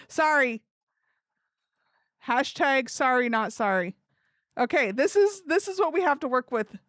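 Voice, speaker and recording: A woman's voice: sits high, expressive, slow, pauses often, a bit bright, no room sound, clean studio sound. A young woman streaming live, chatting casually to her viewers and giggling as she works things out. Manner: giggly, chatty, talks to herself while working. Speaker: livestream streamer.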